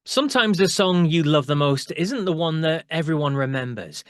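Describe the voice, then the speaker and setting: Man, higher voice, host, scripted intro, measured delivery, dry close recording. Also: animated, no echo. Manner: measured, polished voice-over delivery. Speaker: interviewer, show host.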